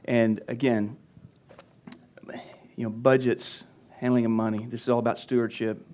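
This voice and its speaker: A pastor teaching church leaders at a conference workshop, talking conversationally and getting animated when he acts out his coaching. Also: medium pitch, normal speed. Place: conference session room.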